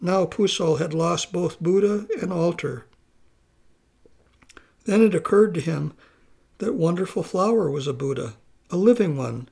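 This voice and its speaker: Brief: male storyteller, high-ish voice with gravelly fry, calm measured reading. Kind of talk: storytelling narration.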